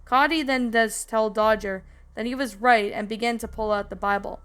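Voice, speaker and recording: A woman's voice: fairly high pitch, steady tone, normal speed, a bit bright, clear, resonant tone. A woman reading a fan story aloud in a casual way with a few slips, adding her own comments. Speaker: story narrator and reviewer. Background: background music.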